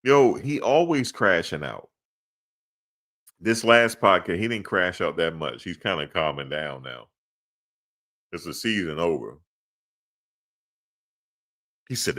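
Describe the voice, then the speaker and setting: A man's voice: low-pitched, lively intonation, takes it slowly, pauses often, a bit bright. A man co-hosting a sports podcast in casual chat, slangy and laughing often.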